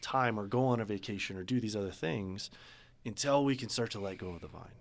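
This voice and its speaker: Man, business coach, podcast guest, earnest, animated storytelling, casual interview talk. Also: on the low side, a little fast, gravelly.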